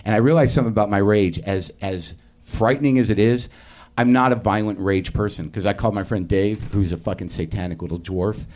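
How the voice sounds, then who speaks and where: A man's voice: on the low side, fairly quick, darkish tone. A man hosting a live comedy podcast, rambling through a profane, self-deprecating monologue on stage. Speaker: podcast host. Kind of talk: live stand-up-style monologue.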